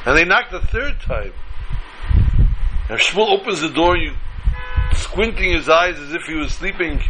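A man telling a folk story aloud, halting now and then with fillers and restarts. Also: a little high, expressive, background noise. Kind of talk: oral storytelling.

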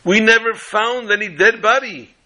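A man voicing an impassioned male defense attorney who speaks in booming, slow, drawn-out oratory. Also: pushed and bright, rough recording. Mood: indignant.

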